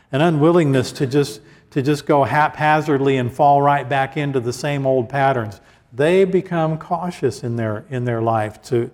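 A man's voice: a little high, darkish tone. Male preacher in a reverberant hall. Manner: conversational preaching, many restarts and asides, reads scripture aloud. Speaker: pastor. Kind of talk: sermon.

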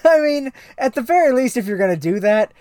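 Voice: mid-range voice, lively intonation, a little fast, a little mellow, smooth, no room sound. A podcast co-host in casual comedic chat, rambling with restarts, swearing now and then.

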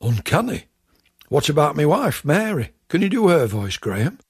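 Brief: man voicing a mild middle-aged amateur songwriter, earnest, raspy and animated. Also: a little high, moderate pace, voice pushed up, exaggerated voice. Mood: fretful.

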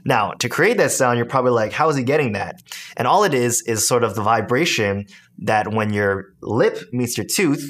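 Male beatbox tutor, animated, explanatory delivery. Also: mid-range voice, normal speed. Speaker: beatbox teacher. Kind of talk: tutorial instruction.

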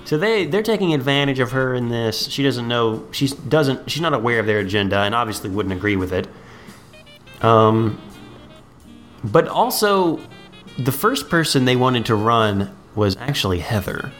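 A man's voice: mid-range voice, lively intonation, fairly bright tone, faint music behind. Casual male podcast co-host. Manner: acts out characters' lines in quick voices. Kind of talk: casual chat recapping a film.

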